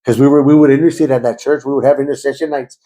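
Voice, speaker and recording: A man telling his conversion testimony in a conversation, repeating himself and stammering, and turning loud and fervent as he relives praying, with Spanish words slipping in. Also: mid-range voice, fairly even intonation, racing. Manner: grows loud and fervent when reliving prayer. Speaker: guest giving a testimony.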